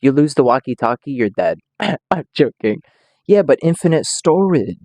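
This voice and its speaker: A man's voice: fairly high pitch, lively intonation, normal speed, dark tone. Young man rambling through a reaction. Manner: rambling, joking, swears freely. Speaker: reaction streamer. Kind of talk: casual reaction commentary.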